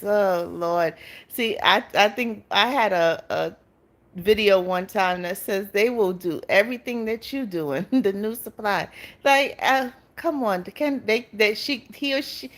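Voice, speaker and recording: A woman hosts a casual livestream at an unhurried, drawn-out pace. She chats directly with her viewers, responds to their comments and breaks into frequent laughter. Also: mid-range voice, fairly bright tone. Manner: chatty, laughs often, talks back to viewers' comments. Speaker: livestream host.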